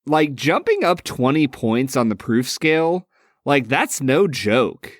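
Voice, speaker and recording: A man's voice: medium pitch, sing-song, takes it slowly, no room sound, studio quality. A man co-hosting a casual podcast, talking enthusiastically and laughing often. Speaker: podcast co-host. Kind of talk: casual chat.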